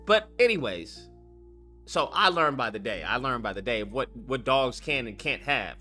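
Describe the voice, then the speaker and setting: A young man talking casually to his viewers as host, telling stories in an excitable, profane way. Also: mid-range voice, normal speed, faint music behind. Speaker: streamer host.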